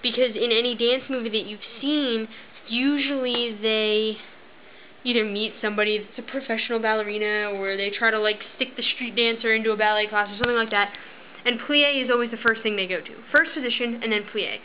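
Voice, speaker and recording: A woman's voice: on the high side, fairly even intonation, a little fast, a little hiss or hum. A young woman vlogging in casual chat, rambling and voicing the people in her stories. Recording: slightly dull lo-fi recording.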